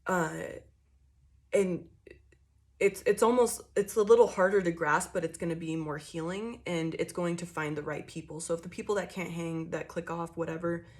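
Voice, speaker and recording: A woman's voice: fairly low pitch, moderate pace. A woman giving a casual tarot reading into a desk microphone, swearing freely and laughing often. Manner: profane, animated, laughs often, acts out quoted people. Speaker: tarot reader. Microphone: desk microphone that picks up card shuffling.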